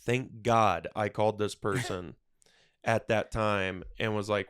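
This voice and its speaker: A man hosting a podcast in casual chat, telling stories with an animated, laughing, swearing manner. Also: lowish voice, a little slow, clean tone, dry recording, studio quality. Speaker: podcast host.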